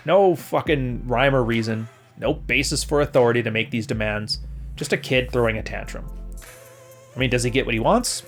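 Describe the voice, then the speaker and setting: A man's voice: medium pitch, brisk, faint music behind. A man hosting a podcast, giving blunt, profane relationship advice and mocking the voices he quotes. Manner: blunt and profane, mock-quoting others. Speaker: podcast host. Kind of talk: casual advice commentary.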